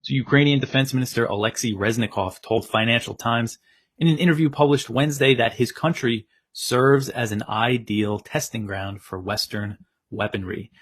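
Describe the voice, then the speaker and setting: A man reading the news in a steady, plain delivery, quoting sources. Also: medium pitch. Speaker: news presenter.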